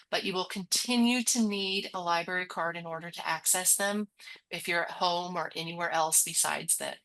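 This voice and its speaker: A woman's voice: on the low side, bright, forceful tone, rough recording. Woman librarian explaining access plainly. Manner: plain, explanatory, with small restarts. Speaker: librarian presenter. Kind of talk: explaining in a webinar.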